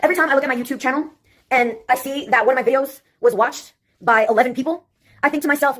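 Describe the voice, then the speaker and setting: A woman comedy YouTuber talking to camera in a rambling, self-deprecating casual monologue, with halting fillers. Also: high voice, a bit bright.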